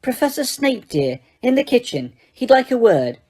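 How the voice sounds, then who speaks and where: A woman reading an audiobook, voicing a bossy, motherly middle-aged woman who speaks in a brisk, reproving way. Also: fairly high pitch, very animated, dark tone, pitched above the performer's own voice.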